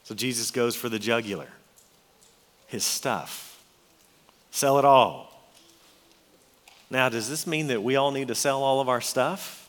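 A man preaching a sermon in an earnest, emphatic way, reading scripture and then explaining it. His voice sits at a middle pitch. A long reverb trails each phrase, as in a large hall. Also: unhurried, long pauses, a bit bright.

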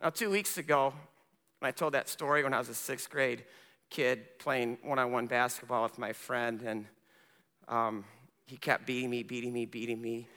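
Male pastor preaching, bright and forceful, alternating loud and hushed delivery, long church reverb. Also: medium pitch, steady tone, normal speed, clean tone. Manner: impassioned, swinging between loud emphasis and hushed speech. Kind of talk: sermon.

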